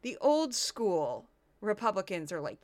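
A woman's voice: mid-range voice, sing-song, measured pace. A woman hosting a podcast who comments on news clips casually and sarcastically, often laughing. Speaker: podcast host.

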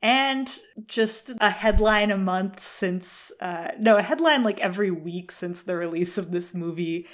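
A woman's voice: mid-range voice, unhurried. A woman co-hosting a casual film discussion, speaking in an emphatic, opinionated way. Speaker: podcast co-host.

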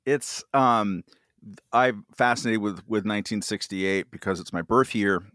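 Male guest, fifties, lower register, rambling and self-mocking, dry close-miked sound. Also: unhurried, fairly bright tone, no room sound. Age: 50s. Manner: rambling, full of fillers and self-deprecating asides. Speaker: podcast guest. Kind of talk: casual chat.

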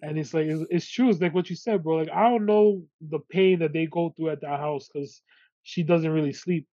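A man's voice: on the high side, moderate pace, no room sound. A man hosting a podcast, chatting casually in slang. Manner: relaxed, warm-hearted, uses street slang like bro and yo. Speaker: podcast host. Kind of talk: casual chat. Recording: slightly muffled lo-fi audio.

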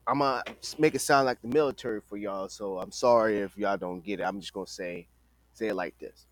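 A podcast host delivers a casual opinion monologue in a fairly low voice, talking briskly and emphatically and repeating phrases. The recording is dry, with no room sound.

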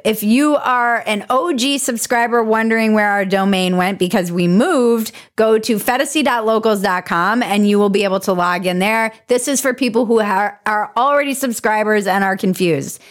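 A woman's voice: a little high, fairly bright tone. A woman hosting a comedic political commentary show, sarcastic and irreverent, laughing often. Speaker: host.

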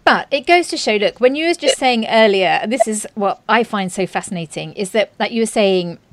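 A woman's voice: medium pitch, expressive, moderate pace, no echo. Earnest woman host, dry close sound. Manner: earnest, encouraging, repeats 'you know'. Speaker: podcast host. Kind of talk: encouraging interview chat.

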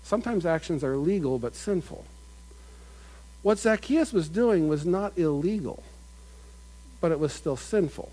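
A man's voice: fairly high pitch, expressive, unhurried, pauses often, mellow, low-quality recording. A man preaching a conversational sermon, often repeating and restarting his phrases. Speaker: pastor.

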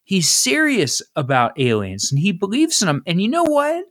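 A man's voice: high-pitched, wildly swooping pitch, normal speed, a bit bright. A man co-hosting a podcast, making emphatic rhetorical points in casual chat. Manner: emphatic, rhetorical, lots of "right?". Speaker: podcast co-host.

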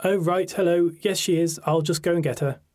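A man doing a curt, brisk father. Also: high voice, steady tone, a little mellow, pitched above the performer's own voice, close to an everyday voice. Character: curt middle-aged father answering the phone.

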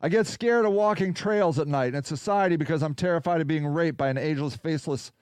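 A man's voice: on the high side, fast, darkish tone, clean tone, no room sound, clean studio sound. A male podcast host in a rambling, casual livestream chat, reacting to viewer comments as he goes.

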